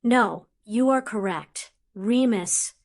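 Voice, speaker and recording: A woman reading an audiobook, voicing a calm, wise old male headmaster in a grave, deliberate way. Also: fairly high pitch. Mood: confirming. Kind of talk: audiobook character voice.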